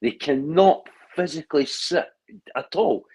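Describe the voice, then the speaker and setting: A man's voice: a little high, a little slow, a little mellow, husky, low-quality recording. A man in a casual online chat, talking in long rambling stretches with frequent restarts and blunt swearing. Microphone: video call.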